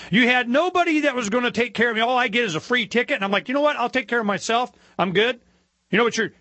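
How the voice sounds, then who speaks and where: Fired-up guy ranting on talk radio, bright edgy voice, pretty high for a man, dry close sound. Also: dry recording. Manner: animated, indignant storytelling, rising pitch when worked up. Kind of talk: opinionated monologue.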